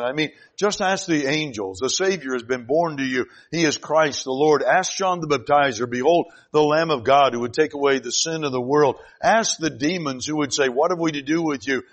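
A man preaching a sermon, reading scripture aloud and swinging between loud, emphatic declarations and quiet, slowed passages. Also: mid-range voice.

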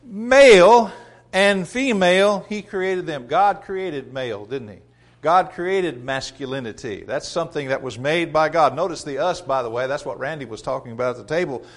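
A man preaching a sermon, reading scripture loudly and dropping to quiet rhetorical asides. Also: mid-range voice, expressive, fairly quick. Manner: emphatic, rising loud on scripture readings.

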